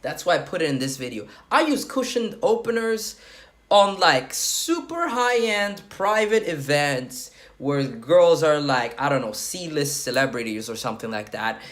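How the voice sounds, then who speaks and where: A man's voice: fairly high pitch, very animated, a little slow, fairly bright tone. A man coaching on approaching women, talking bluntly and crudely and checking in with "okay?" as he goes, while sweating. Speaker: dating coach. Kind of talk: casual talking-head advice.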